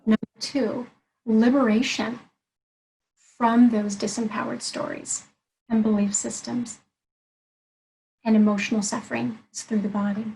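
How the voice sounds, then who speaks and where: Woman, life coach, interview guest; earnest, methodical explainer, slightly high voice. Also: level tone, a little slow, vocal fry, pauses often, darkish tone, poor audio. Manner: earnest, explanatory, walks through points one by one. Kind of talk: interview conversation.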